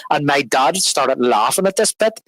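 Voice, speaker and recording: On a film podcast, a male co-host with a highish voice chats casually at a normal pace, energetically retelling scenes and acting out the dialogue. He laughs often and restarts his words, and the audio is poor with no room sound.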